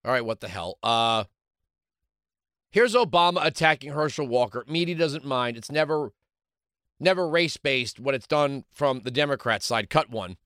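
A man's voice: medium pitch, expressive, moderate pace, a bit bright, clear, resonant tone, no echo, clean studio sound. A man hosting a political talk show, delivering a combative, sarcastic commentary monologue.

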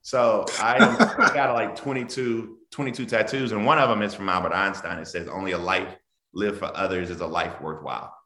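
A man from the South, a guest author talking over a video call in an animated, laughing, emphatic way. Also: low voice, fairly quick. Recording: echoey room on a video call.

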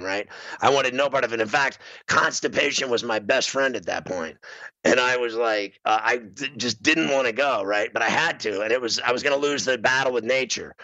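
A middle-aged man hosting a radio show, telling a comic story in an animated way. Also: brisk, no room sound, muffled recording. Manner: animated storyteller, bursts into high screaming. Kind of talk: comedic storytelling.

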